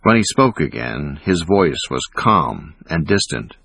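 A man reading a thriller audiobook in a measured, dramatic way. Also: low-pitched, very animated, creaky, a bit bright, husky, no echo. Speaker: audiobook narrator. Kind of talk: scripted narration.

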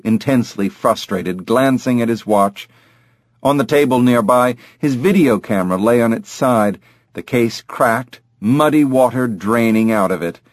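A man reading scripted audiobook narration in a measured, even way. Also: mid-range voice, no echo, clean studio sound.

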